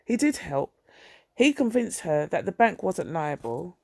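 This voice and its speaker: A blunt, guarded woman bank officer who talks plainly and firmly, as the woman reading the audiobook puts her on. The voice is gravelly, dry and close to the mic. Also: lowish voice, very animated, a little slow, dark tone, no echo, exaggerated voice.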